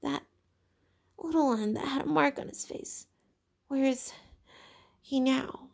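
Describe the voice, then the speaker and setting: A woman's voice: high-pitched, takes it slowly, vocal fry, voice pushed up, exaggerated voice. A woman voicing a gasping, frantic boy. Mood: distressed. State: gasping for breath. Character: panicked asthmatic boy, fat and anxious.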